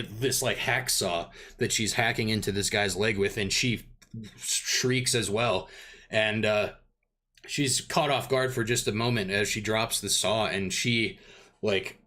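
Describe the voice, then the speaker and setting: Bright-voiced man narrating a game. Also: lowish voice. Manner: rambling, lots of fillers. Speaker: dungeon master.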